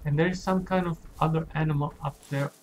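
Talking to young viewers, a man describes his video game play slowly and simply, posing questions to the children along the way. The low-quality recording has slight background noise, and his voice is fairly high-pitched with a steady tone.

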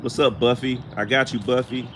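A man hosting a casual live stream while walking through a cemetery, chatting with viewers and giving them shout-outs, recorded outdoors on a handheld phone. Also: medium pitch, fairly even intonation, normal speed, noisy background. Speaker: paranormal show host, live streamer. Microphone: handheld phone camera.

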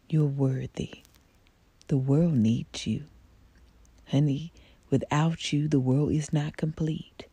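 A middle-aged woman giving a gentle, affectionate motivational talk to the camera, soft-spoken and often dropping to a whisper, with folksy phrasing and endearments like honey and baby. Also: extremely low pitch, vocal fry, breathy edge, no echo. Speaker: social media personality.

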